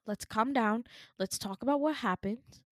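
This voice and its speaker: A woman podcast co-host casually retelling a dream, animated, laughing often and full of fillers. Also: a little high, moderate pace, dry recording, studio quality.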